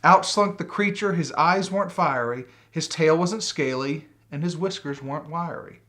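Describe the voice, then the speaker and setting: A man reading a rhyming picture book aloud with a rhythmic, expressive delivery. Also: a little high, normal speed. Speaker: storybook reader.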